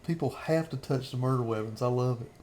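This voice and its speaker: A man's voice: mid-range voice, fairly quick, darkish tone, a little hiss or hum. A man in his thirties rambling through a casual film commentary as a channel host, chuckling often between remarks.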